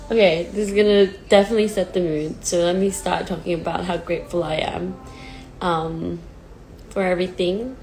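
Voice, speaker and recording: A woman's voice: lowish voice, steady tone, moderate pace, long pauses, a little mellow, faint music behind, low-quality recording. A woman in her twenties talking on a phone livestream, nervous and near tears, hesitant and self-deprecating, with many fillers. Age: 20s. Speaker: pop singer on a livestream. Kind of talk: casual livestream chat. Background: sad song playing faintly.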